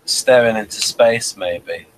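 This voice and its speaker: A man's voice: fairly low pitch, slow pace, slight background noise, poor audio. A man asking questions and answering in a hesitant, thinking-aloud way. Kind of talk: casual conversation.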